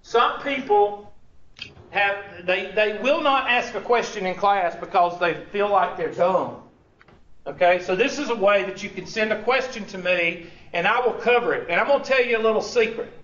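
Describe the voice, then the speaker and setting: A man's voice: high-pitched, moderate pace, a bit bright, far from the mic. A man, a college instructor giving a classroom lecture in a teasing, sarcastic manner full of rhetorical questions. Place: large classroom. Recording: dull, echoey classroom recording from afar.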